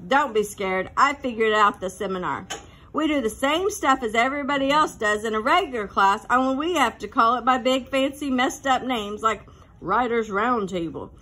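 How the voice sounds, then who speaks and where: A woman's voice: on the high side, normal speed, pushed and bright. A woman doing a cocky, laid-back schoolboy. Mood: conspiratorial. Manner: breezy, knowing, hissed asides. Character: cocky, laid-back fifth-grade boy.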